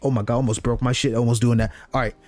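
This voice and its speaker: A man streaming a video game, reacting excitedly with slang and reading the game text aloud. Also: medium pitch, fast talker. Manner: excitable, loud outbursts and slang. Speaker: let's play streamer. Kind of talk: gameplay commentary, reading dialogue aloud.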